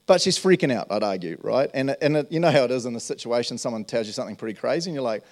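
A man's voice: mid-range voice, lively intonation, rapid-fire, a little mellow. A man, preaching a casual, earnest sermon and often checking in with his listeners. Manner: earnest, storytelling, checks in with "right?". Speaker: pastor. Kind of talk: conversational sermon.

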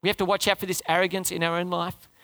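A man preaching a sermon to his congregation, animated, his voice climbing high for emphasis and dropping low and soft for prayer. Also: fast talker. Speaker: pastor.

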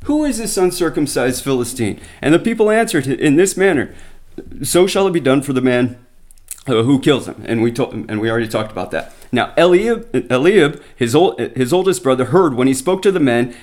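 A man preaching on a Bible story, retelling it with lively asides and many restarts. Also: medium pitch, normal speed. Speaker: Bible teacher. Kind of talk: sermon.

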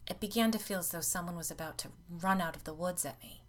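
A woman's voice: fairly low pitch, fast, close to an everyday voice. A woman reading a nervous, uneasy housewife.

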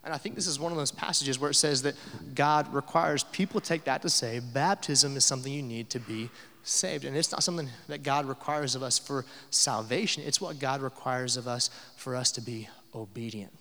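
A man's voice: medium pitch, moderate pace, sharp tone, big-room sound. A young adult man preaching a sermon as pastor, conversational, with filler uh's and rhetorical questions.

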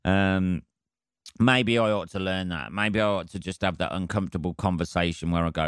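A low-pitched man with a smooth, clean voice hosts his comedy podcast. He rambles wryly, swearing constantly. The sound is dry and close. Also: steady tone, normal speed, dry recording.

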